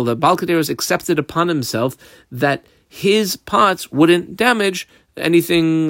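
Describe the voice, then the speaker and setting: A man teaches a daf yomi Talmud class, reading the Aramaic aloud and translating as he goes, using many fillers while describing the underlines and marks on his page. His voice is fairly high and a bit bright, recorded in studio quality with no echo.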